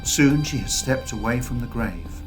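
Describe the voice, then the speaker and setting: A man narrating a fantasy audiobook in a slow, expressive storytelling voice. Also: mid-range voice, faint music behind.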